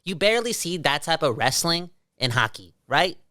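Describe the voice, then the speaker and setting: A man hosting a sports podcast, talking in an energetic, slangy and blunt way. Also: on the high side, moderate pace, no room sound, studio quality. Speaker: podcast co-host. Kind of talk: casual sports chat.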